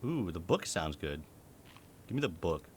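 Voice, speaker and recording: A man's voice: sits low, unhurried, a little hiss or hum. Laughing, swearing gamer guy. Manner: animated, swears, laughs a lot. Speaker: streamer. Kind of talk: casual gameplay commentary.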